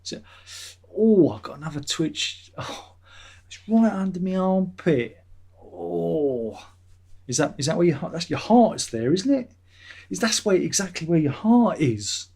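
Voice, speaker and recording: A man's voice: fairly high pitch, sing-song, moderate pace, darkish tone, slightly rough. A man hosting his own vlog, chatting in a meandering way and swearing casually. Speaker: vlogger, channel host. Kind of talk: rambling casual chat.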